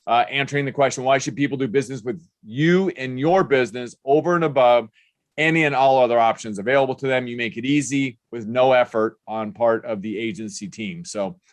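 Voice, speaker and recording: A man's voice: mid-range voice, brisk, no echo. An older man hosts an interview podcast, speaking in an upbeat, motivational way. His voice is recorded dry and close, with no room sound. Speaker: podcast host. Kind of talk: interview hosting.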